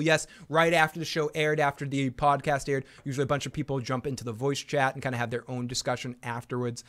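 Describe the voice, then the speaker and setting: A man hosting a casual livestream chat, rambling and laughing often between remarks. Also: medium pitch. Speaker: host.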